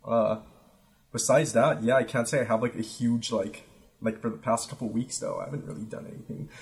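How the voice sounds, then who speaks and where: A young man in his twenties tells a story on a podcast in loose, casual chat. He swears freely and trips over his own sentences, filling the gaps with "like" and "uh". His voice sits at an ordinary middle pitch. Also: fairly even intonation, fairly quick. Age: 20s. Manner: rambling, profane, many fillers and restarts. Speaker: podcast co-host.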